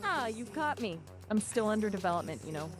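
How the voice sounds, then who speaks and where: A woman's voice: medium pitch, sing-song, over music. An AI chatbot speaking in a woman's voice, chatting playfully and quipping with a streamer. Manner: chirpy, playful, quick with quips. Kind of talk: casual chat.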